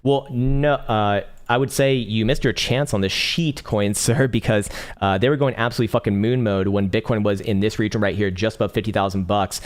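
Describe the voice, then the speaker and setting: A man's voice: on the low side, steady tone, a little fast. A young man hosting a live trading stream, talking through charts in a loose, rambling way with casual swearing. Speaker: crypto trading livestream host.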